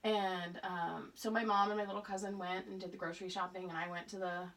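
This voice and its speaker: A woman's voice: lowish voice, brisk, recorded from a distance. A woman in her forties from Oregon, telling a story in a casual podcast chat, acting out old dialogue and laughing often. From Portland, Oregon suburbs. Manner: animated, acts out quoted dialogue, laughs often. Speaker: podcast guest.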